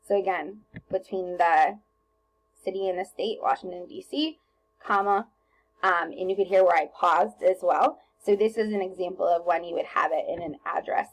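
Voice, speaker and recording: A young woman teacher walks her class through a recorded lesson. Her voice sits a little low and sounds husky, and she talks in a relaxed, chatty way, full of ums and quick self-corrections. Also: rough recording. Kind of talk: recorded grammar lesson over slides.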